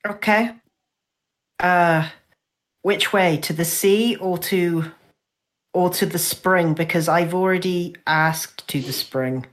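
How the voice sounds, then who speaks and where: A woman playing a tabletop game, quick to exclaim and joke. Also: lowish voice. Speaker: player.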